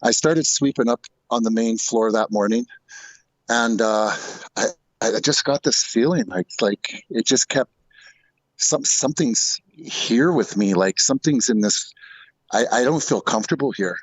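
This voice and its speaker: A man's voice: medium pitch, unhurried, no room sound, poor audio. A middle-aged man telling a ghost story in a loose, rambling way, full of restarts and asides. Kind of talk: casual storytelling.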